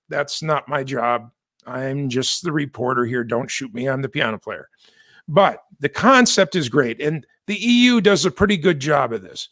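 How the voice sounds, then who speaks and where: An American man talks through the news in a loose, conversational way, wandering into asides and correcting himself as he goes. His voice sits a little high for a man. The recording is dry and close, with no room sound. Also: fairly bright tone, dry recording. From United States. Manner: chatty, digressive, self-correcting with asides. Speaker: host. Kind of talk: casual news commentary.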